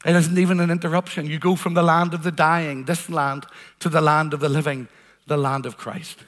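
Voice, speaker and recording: A man's voice: a little high, little pitch movement, fairly quick, a bit bright. A man preaching a sermon, earnest and emphatic, repeating phrases for weight. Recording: long hall reverb.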